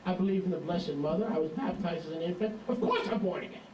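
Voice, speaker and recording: A man's voice: sits high, fast, darkish tone, recorded from a distance, slight background noise, lightly acted. A man preaching who voices a proud, bearded old church patriarch, sounding dismissive and self-assured, heard from afar in an echoing room.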